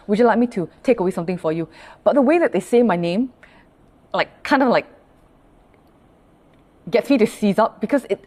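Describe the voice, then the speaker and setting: A woman's voice: mid-range voice, a little mellow. A woman pastor answering viewers' questions in a livestreamed Buddhist talk, speaking conversationally, often asking "all right?" and drawing on everyday examples. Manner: greets online viewers by name mid-talk; explains through everyday personal examples.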